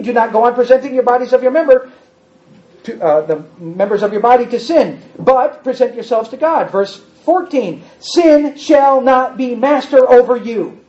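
A man preaching a sermon, hammering points home through repetition and quizzing his congregation. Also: very high voice. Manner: emphatic, repetitive, rises to forceful outbursts; asks the congregation questions. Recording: dull, muffled sound.

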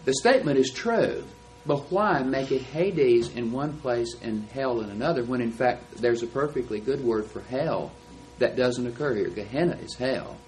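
A man's voice: mid-range voice, normal speed, hardly any pauses, a little mellow, slight background noise, low-quality recording. A man teaching a Bible class, explaining texts in an emphatic, lecturing way. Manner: emphatic, explanatory, stresses key words.

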